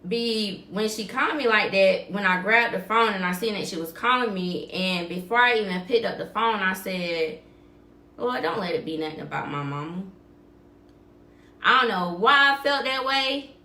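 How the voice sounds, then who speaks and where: Bright-voiced woman telling her story. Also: medium pitch, moderate pace, hardly any pauses, echoey room. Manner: vivid retelling, acting out quoted dialogue. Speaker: podcast host. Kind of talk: casual storytelling.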